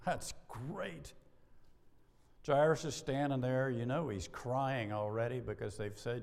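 A middle-aged man preaching a sermon, animated, acting out bits of dialogue and laughing now and then. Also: medium pitch, slow pace, gravelly. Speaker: pastor. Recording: long hall reverb.

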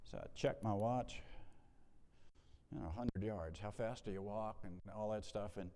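A man preaching a sermon as pastor, telling stories and moving between hushed lines and emphatic rises. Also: on the low side, normal speed, big-room sound. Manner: storytelling, swings between soft hush and emphatic rises.

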